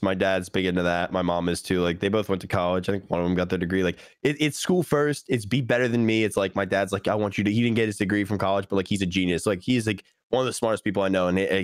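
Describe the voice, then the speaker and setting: A young man chats on a podcast. He talks quickly and acts out quotes with sudden high jumps in pitch. The sound is dry and close, with no room in it. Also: steady tone, clean tone, no echo. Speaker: podcast guest. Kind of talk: casual podcast chat.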